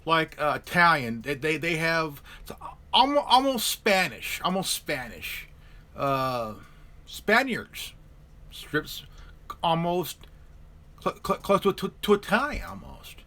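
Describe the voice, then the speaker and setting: Halting, bright-voiced man chatting politics. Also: on the high side, big pitch swings. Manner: halting, many repeated words and restarts. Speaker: live stream host. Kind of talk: casual political chat.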